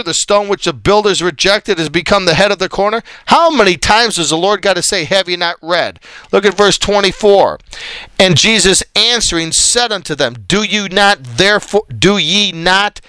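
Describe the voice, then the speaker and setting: A man's voice: high-pitched, moderate pace, pushed and bright, clear, resonant tone, no echo. A man leading a Bible study as a preacher, scolding his listeners and reading scripture aloud in an exasperated tone. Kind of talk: combative Bible study sermon.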